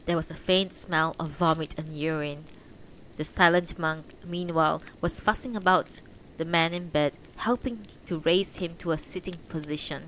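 A woman's voice: lowish voice, normal speed, fairly bright tone, a little hiss or hum, poor audio. A woman reading a novel aloud on a livestream, unpolished, correcting her slips as she goes. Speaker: audiobook reader on a livestream.

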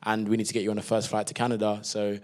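A young man with a London accent, a guest actor chatting through stories in an interview, relaxed and full of slang and fillers. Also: on the low side, very fast. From England. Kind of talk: casual interview chat.

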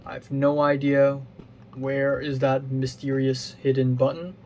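A man's voice: medium pitch, little pitch movement, measured pace, a little mellow, slight background noise. A man hosting his own gaming video, thinking aloud and muttering to himself as he works through a puzzle, often mocking himself. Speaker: gaming channel host. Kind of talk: playing a puzzle game while thinking aloud.

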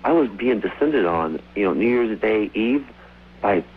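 A man calling in to a radio show, telling rambling, excited stories over the phone. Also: fairly low pitch, a little slow, breathy edge. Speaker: caller. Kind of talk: casual phone-in storytelling. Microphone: telephone. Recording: tinny phone line.

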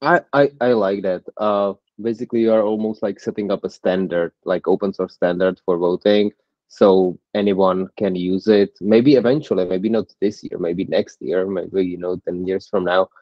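A low-voiced man asks questions haltingly, pausing to search for words. His audio is completely dry and dull, like a lo-fi call. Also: fairly even intonation, no room sound. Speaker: discussion host. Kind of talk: casual interview questions.

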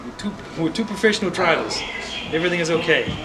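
A man voicing a brash, reckless cab driver who loudly brushes off his passengers, over loud crowd noise. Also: fairly high pitch, expressive, quick pace, voice pushed up, natural voice. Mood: dismissive. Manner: loud, dismissive snapping.

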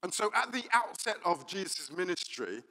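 Lively, bright-voiced pastor preaching. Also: male voice, sits high, moderate pace, vocal fry. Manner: animated storytelling with many fillers. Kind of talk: sermon. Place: church hall. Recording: reverberant church hall.

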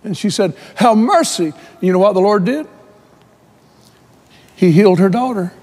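A man preaching a sermon, telling his own story and swelling to shouts when quoting Bible figures. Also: sits high, normal speed, long reverb tail.

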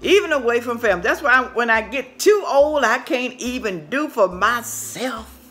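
A woman's voice: on the high side, lively intonation, moderate pace, fairly bright tone. An older woman who hosts a cooking channel, chatting casually with viewers while she walks through the craft room in her home. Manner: chatty, talks to viewers as "y'all". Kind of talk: casual home-tour vlog chat. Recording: echoey room with faint music.

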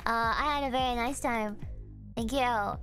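A woman's voice: fairly high pitch, unhurried, a bit bright, faint music behind. A young woman streamer chatting casually with her viewers, playful and giggly as she reads through a list. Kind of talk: casual livestream chat.

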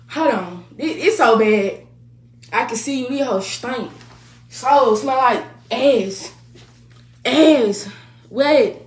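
A woman livestreaming from home in an echoey room rants heatedly and profanely, repeating herself and laughing between jabs. Her voice is a little high and expressive, with a slow pace and frequent pauses.

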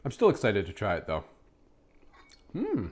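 Over slight background noise, an unhurried man reviews food on camera in an easygoing, enthusiastic way, humming and mmm-ing with pleasure as he eats. He also chats to his pet in an excited, high tone.

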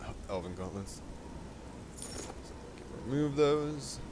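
A man's voice: medium pitch, animated, takes it slowly, noisy background. Chatty, profane man playing games. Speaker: let's play host. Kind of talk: casual gameplay commentary.

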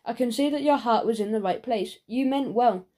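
A woman voicing a kindly, eccentric adult male shopkeeper who talks in a gentle, earnest, fussing way, in a storybook reading. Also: fairly high pitch, normal speed, lightly acted.

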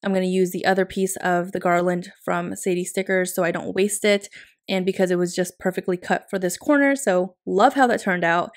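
A woman vlogger chatting casually in a voice-over about decorating her planner, upbeat and quick to laugh. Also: lowish voice, steady tone.

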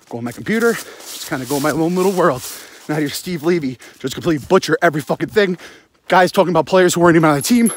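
A young sports podcast host jogs outdoors on a cold night, out of breath, ranting into his phone about a football game. He rambles, turns sarcastic, and swears heavily in a voice on the high side, with a bit of hiss or hum in the recording.

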